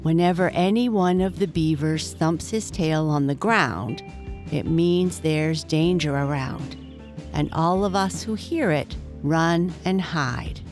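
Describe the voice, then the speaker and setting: A woman voicing an eager young male beaver who talks in a quick, excited way. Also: sits low, faint music behind. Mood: earnest.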